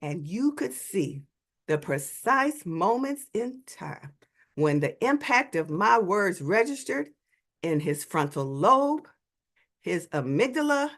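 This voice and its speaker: A woman giving a storytelling talk as an invited speaker, animated and dramatic in her delivery. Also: medium pitch, slow.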